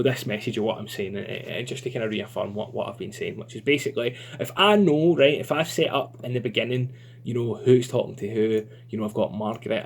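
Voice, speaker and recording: A man's voice: mid-range voice, a little mellow, slightly rough. Chatty man teaching writing. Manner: chatty and informal, lots of fillers. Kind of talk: online lesson.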